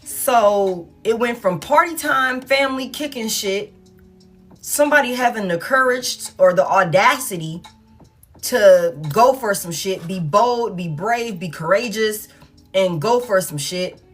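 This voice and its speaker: Her mid-range voice is a bit bright and a little slow as this tarot reader addresses the camera, faint music playing underneath. She does a casual, chatty reading full of freely used swearing.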